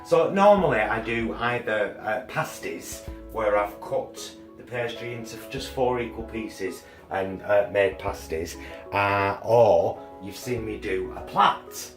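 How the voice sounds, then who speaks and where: A chatty man walks through a recipe at home, rambling along with plenty of filler words. His voice is fairly low and sits a little back from the mic. The kitchen sounds roomy, with clear music playing behind him. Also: takes it slowly, distant mic. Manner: rambling, chatty, many ums and uhs. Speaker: cooking channel co-host. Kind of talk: casual cooking demo chat.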